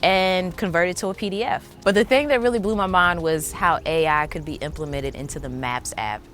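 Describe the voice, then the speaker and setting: Low-voiced enthusiastic woman vlogger. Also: a little fast, fairly bright tone, a little hiss or hum. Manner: chatty, enthusiastic, lots of "like" fillers. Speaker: tech vlogger. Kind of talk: casual tech review vlog.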